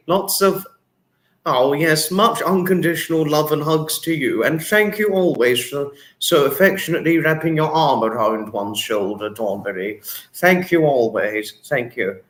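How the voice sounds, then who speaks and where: A man's voice: fairly high pitch, expressive, unhurried, a bit bright, reverberant. A man from England hosting a casual livestream, effusively greeting viewers by name and swearing freely as he reads their comments. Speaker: livestream host.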